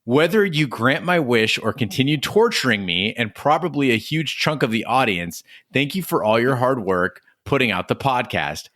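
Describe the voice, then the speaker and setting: Male podcast host, animated pitch, dry close sound, reads mail with wry humor. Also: moderate pace, few pauses, no echo. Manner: reads emails aloud with lively, wry delivery. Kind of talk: casual podcast chat.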